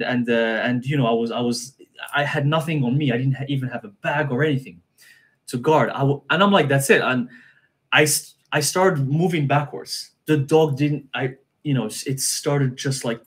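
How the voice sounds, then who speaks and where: A man, a guest on a live stream, telling a personal story in an earnest way, often repeating himself and restarting sentences. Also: medium pitch.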